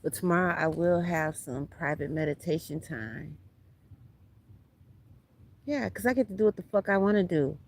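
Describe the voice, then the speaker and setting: A woman's voice: on the low side, normal speed, long pauses. A woman, doing a casual livestream tarot reading outdoors at a beach, talking bluntly and profanely to her viewers. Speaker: tarot reader.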